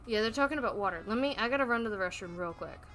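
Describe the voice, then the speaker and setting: A woman's voice: mid-range voice, animated, racing, fairly bright tone. A woman streamer chatting casually and gushing in a rambling way about her pets.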